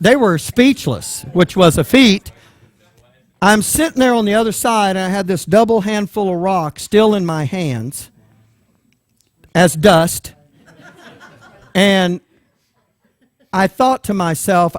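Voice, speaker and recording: A man preaching a sermon, telling a personal story with lively voices for the people in it. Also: sits high, no room sound, studio quality. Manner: animated storyteller, acts out voices in quotes.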